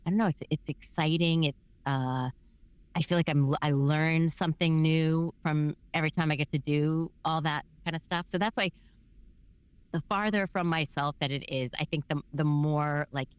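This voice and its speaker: A woman voice actor talks through her work in a casual interview. She rambles warmly with many fillers and animated asides. Her voice sits low and the sound is dry and close. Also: moderate pace, clean tone, no room sound. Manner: chatty, filler-heavy, animated storytelling. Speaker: voice actor guest.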